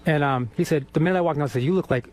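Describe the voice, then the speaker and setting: A man in his thirties from Boston telling stories on a radio show, animated, swearing freely and laughing as he talks. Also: on the high side, rapid-fire. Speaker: guest musician. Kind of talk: casual storytelling on radio.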